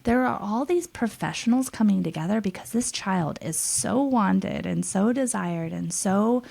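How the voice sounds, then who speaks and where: Woman, gravelly, warm low-key tone, earnest casual storyteller. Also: unhurried. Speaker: experienced surrogate on a panel.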